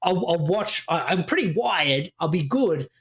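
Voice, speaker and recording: A man's voice: fairly high pitch, lively intonation, a little slow, a bit bright. A man, co-hosting a podcast with rambling, sweary storytelling full of fillers. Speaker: podcast co-host. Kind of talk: casual chat.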